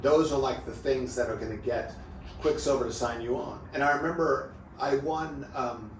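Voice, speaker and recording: A man's voice: medium pitch, moderate pace. Fifties guy from socal rambling through a story, lots of "like", sounds far off the mic with noise behind. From southern California. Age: 50s. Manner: loose and rambling, lots of filler "like". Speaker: podcast guest, former pro surfer. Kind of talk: relaxed storytelling. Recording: roomy echo, distant mic, steady noise.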